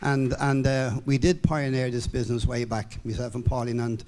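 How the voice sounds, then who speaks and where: A man's voice: mid-range voice, little pitch movement, moderate pace, darkish tone, slight background noise. A man in his seventies from Ireland giving an upbeat, rambling speech to a room of fellow distributors, full of fillers and restarts. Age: 70s. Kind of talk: speech to a live audience. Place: hall with an audience.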